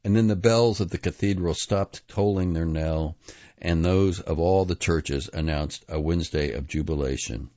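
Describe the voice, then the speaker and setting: Man, very deep voice, grave measured literary reading, dry close sound, slightly muffled lo-fi audio. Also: mellow, no room sound. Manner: measured, grave reading with small restarts on long words. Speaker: reader. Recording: dull, slightly lo-fi dry recording.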